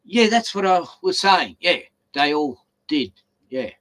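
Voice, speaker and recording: Rambling Australian man, slightly high voice. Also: big pitch swings, unhurried, fairly bright tone. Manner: rambling, stammering storyteller who swears. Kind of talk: casual chat.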